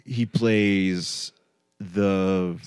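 A man's voice: low voice, fairly even intonation, drawn-out words, darkish tone, clear, resonant tone, dry recording, studio quality. A man co-hosting a podcast in casual chat, rambling and restarting his sentences and laughing often as he talks about movies. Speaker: podcast co-host.

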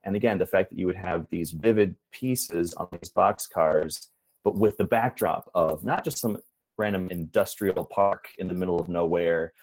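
A man answering interview questions in an earnest, measured way, explaining his hobby with frequent ums and uhs. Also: deep voice, darkish tone, rough recording. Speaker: guest, preservationist and rail fan.

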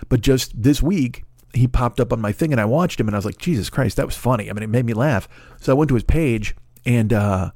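A man's voice: mid-range voice, darkish tone, no echo, clean studio sound. Profane, exasperated man ranting on a podcast. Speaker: podcast host. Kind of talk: comedic podcast rant.

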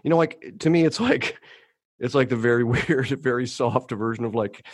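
A middle-aged male comedian in a casual podcast chat, telling animated stories, laughing often and acting out quotes. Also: mid-range voice, normal speed, slightly rough, no echo, clean studio sound. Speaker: comedian guest.

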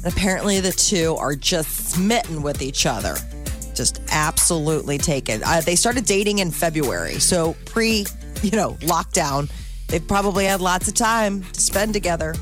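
A woman's voice: on the low side, lively intonation, moderate pace, faint music behind. A woman co-hosting a morning radio show, chatting and reading entertainment news. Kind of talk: casual radio banter.

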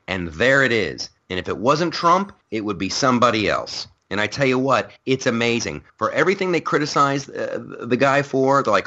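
Animated, forceful male comic host. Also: mid-range voice, moderate pace, hardly any pauses, muffled recording. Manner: excitable and profane, acts out other people's lines. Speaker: podcast host and stand-up comic. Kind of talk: casual political chat.

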